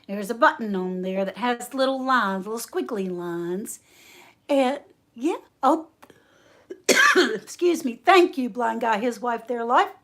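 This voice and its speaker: Slow, chatty woman hosting a livestream. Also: fairly high pitch, lively intonation, fairly bright tone. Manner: chatty, laughs often, reads viewer names aloud. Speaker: homestead channel host. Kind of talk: casual livestream chat.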